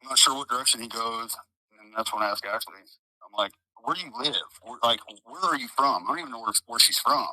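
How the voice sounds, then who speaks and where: A man's voice: medium pitch, fast talker, pushed and bright, rough recording. A man with a Midwestern American accent telling a story in an interview, rambling with lots of fillers, swearing freely and acting out what people said. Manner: profane, rambling, uses many fillers; acts out quoted dialogue. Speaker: interviewee, trial witness.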